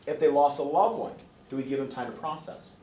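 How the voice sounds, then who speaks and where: A man giving a psychology lecture to a class, lively and expressive, often acting out voices of children and parents. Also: fairly high pitch, fairly quick, slight background noise. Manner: animated, acts out quoted voices. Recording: echoey classroom from a distance.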